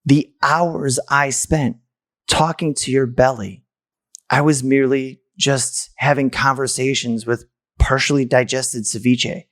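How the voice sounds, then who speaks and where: A man in his thirties telling a painful story from his own life. He speaks candidly and with raw feeling, often stumbling and restarting his words. His pitch sits in the middle of the usual range for a man. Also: fairly even intonation, measured pace, a bit bright. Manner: candid, emotional, with restarts and stammers. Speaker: podcast host. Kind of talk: personal storytelling.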